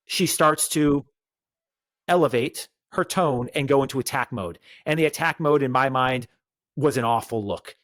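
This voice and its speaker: A man's voice: on the high side, no echo. A man co-hosting a casual recap chat, talking emphatically and acting out what people said. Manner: animated, emphatic, acts out quotes. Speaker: podcast co-host.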